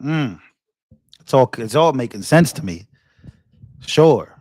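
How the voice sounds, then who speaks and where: A political commentator hosts his own vlog, speaking in a medium-pitched, expressive, darkish voice at a moderate pace. His delivery is impassioned and casual, full of restarts, repeated words and sermon-like rebukes. The studio recording is clean, with no room sound.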